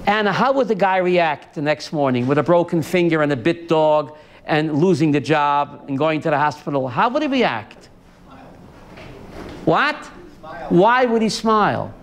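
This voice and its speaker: A male rabbi, his voice slightly high and his pace normal, delivers a sermon built on storytelling. He is animated and turns questions to his listeners.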